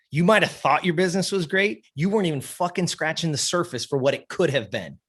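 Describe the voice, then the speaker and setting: A man's voice: fairly high pitch, expressive, a little fast, few pauses. A man giving a blunt, profane motivational talk as a podcast guest. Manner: blunt, intense, swears often.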